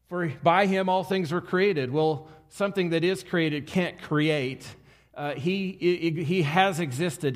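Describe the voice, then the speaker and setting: A man preaching a sermon as a pastor, teaching earnestly and repeating key phrases to draw his listeners in. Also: on the high side.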